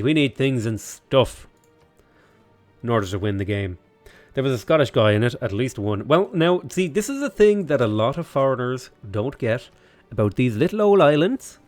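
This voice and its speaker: A young man chats loosely through a game livestream, rambling off on tangents and cracking jokes. His voice sits in an ordinary middle pitch. Soft music plays faintly behind him. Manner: rambling, joking, digressive. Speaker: game streamer. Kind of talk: casual livestream commentary.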